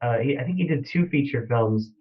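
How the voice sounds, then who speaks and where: A man's voice: medium pitch, expressive, a little fast, recorded from a distance. Brief: male film director guest, enthusiastic, set back from the mic, dull muffled sound. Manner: enthusiastic, laughs easily. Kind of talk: casual chat.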